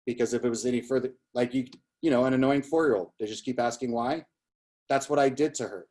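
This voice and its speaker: A man's voice: mid-range voice, fast talker, darkish tone. A man speaking as a guest business coach, giving an emphatic motivational talk with a repetitive, storytelling manner.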